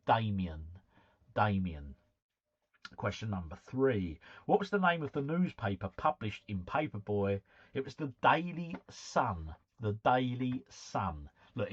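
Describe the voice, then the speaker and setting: A man's voice: lowish voice, husky, muffled recording. A man hosting a live stream. He reads out quiz answers, repeats each one, and chats with viewers in a jokey way.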